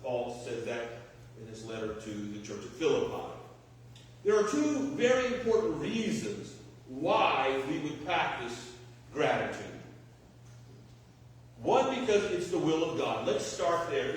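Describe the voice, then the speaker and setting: A Texan pastor preaches in a conversational way, asking rhetorical questions and working through homely everyday examples. His voice sits a little high for a man, and it is heard from some distance in a big, echoey church sanctuary with a long reverb trail. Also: sing-song, measured pace. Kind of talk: sermon.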